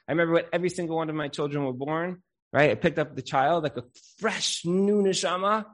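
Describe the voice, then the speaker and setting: A man's voice: on the high side, fairly quick. A man in his thirties, a counselor giving an inspirational talk, who tells stories and acts out the people in them, sprinkling in Hebrew religious terms. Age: 30s. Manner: animated storyteller who acts out quoted voices. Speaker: marriage counselor and Torah speaker.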